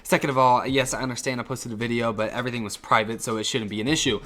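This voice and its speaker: Fast-talking teen guy telling a story. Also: mid-range voice, fairly even intonation, a bit bright. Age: teens. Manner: rambling, profane, restarts often. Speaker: YouTuber and high school student. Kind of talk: casual storytime vlog.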